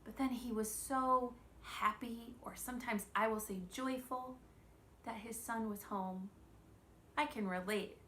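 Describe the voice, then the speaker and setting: A woman in her thirties giving a children's church lesson, gentle and expressive, asking the children questions. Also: fairly high pitch, measured pace, a little hiss or hum.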